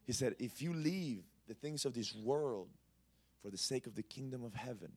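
A man preaching a sermon at a church service, impassioned and conversational, swinging between loud exclamations and soft asides. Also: medium pitch, normal speed, slightly rough. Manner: conversational, with frequent "you know". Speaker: pastor.

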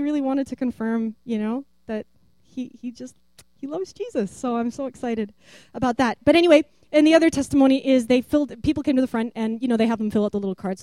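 A woman telling a rambling, animated testimony story and acting out the voices of the people in it. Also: sits high, no echo. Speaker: church member giving a testimony.

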